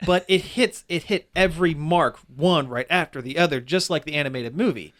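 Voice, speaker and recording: A podcast co-host with a fairly high, slightly bright voice speaks at a moderate pace, rambling in casual chat through a critical movie review and frequently starting over.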